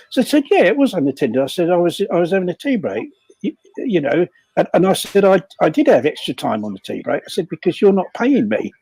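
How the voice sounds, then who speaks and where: Husky older Englishman spinning a yarn. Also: high-pitched, very animated, fairly quick, darkish tone, dry recording, poor audio. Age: 60s. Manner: rambling raconteur, repeats words, acts out quoted dialogue. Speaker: guest storyteller. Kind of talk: casual anecdote on a livestream.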